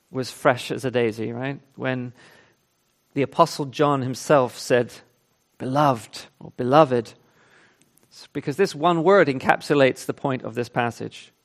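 A man preaching a sermon, reading scripture with emphasis and then explaining it in an earnest, conversational way. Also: mid-range voice. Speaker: pastor.

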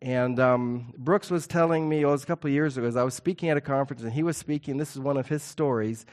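A middle-aged man preaching a sermon to his church, earnest and emphatic, slowing down to stress key points. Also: medium pitch, darkish tone. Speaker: pastor.

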